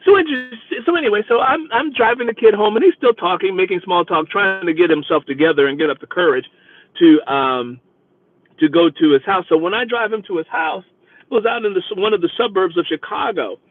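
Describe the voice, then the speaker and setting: A man telling his own driving stories in a chatty, wry, animated way. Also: high-pitched, brisk, no room sound. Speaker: rideshare driver telling stories. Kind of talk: storytelling monologue. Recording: dry tinny phone-like line.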